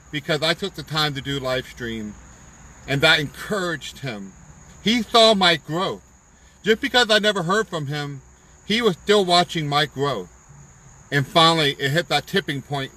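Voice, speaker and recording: A man's voice: a little high, bright, forceful tone, low-quality recording. Fervent man giving a live-stream pep talk. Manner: fervent, preachy, emphatic repetition. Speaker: business promoter on live stream. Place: parked car at a park outdoors.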